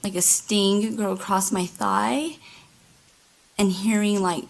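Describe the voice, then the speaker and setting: A woman giving courtroom testimony as a witness, halting, with many fillers and restarts. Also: medium pitch, fairly even intonation, creaky, poor audio. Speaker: trial witness. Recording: courtroom microphone.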